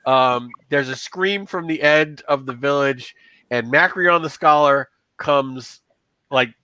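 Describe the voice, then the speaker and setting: A man's voice: mid-range voice, slow, pushed and bright, clear, resonant tone, dry recording, poor audio. A man narrating as game master of a tabletop game, loose storytelling with lots of fillers.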